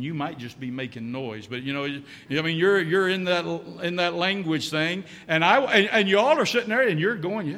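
A man preaches a sermon in a church, his voice high and bright. He hammers his points home with repetition and rhetorical questions. The sound carries a long hall reverb. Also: slight background noise. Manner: emphatic, repeats key lines, rhetorical questions. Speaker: pastor.

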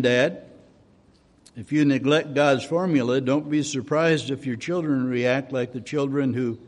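Folksy male preacher in a reverberant hall. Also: medium pitch. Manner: folksy, homespun storytelling with restarts. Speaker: pastor. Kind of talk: sermon.

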